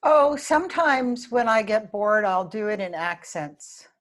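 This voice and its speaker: A woman's voice: medium pitch, expressive, unhurried. A woman hosting a webinar, chatting casually and self-deprecatingly about practicing speeches.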